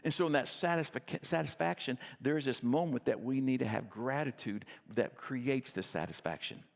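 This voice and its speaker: A man's voice: medium pitch, normal speed, creaky, long reverb tail. A middle-aged man preaching a sermon as pastor, telling stories in a conversational, self-deprecating way.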